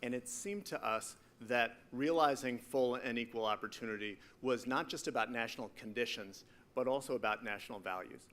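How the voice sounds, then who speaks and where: A man leads an awards evening as its executive director, speaking in a measured and earnest way. His voice is bright and crisp at a middle pitch. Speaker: executive director giving a speech. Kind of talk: formal welcome speech. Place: event hall stage. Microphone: stage microphone.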